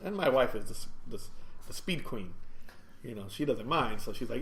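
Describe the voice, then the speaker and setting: A man telling a rambling, animated story in casual chat, with frequent restarts. His voice sits at an ordinary middle pitch, and the recording is roomy and echoey, made inside his store. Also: fairly quick. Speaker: podcast host and store owner. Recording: echoey room.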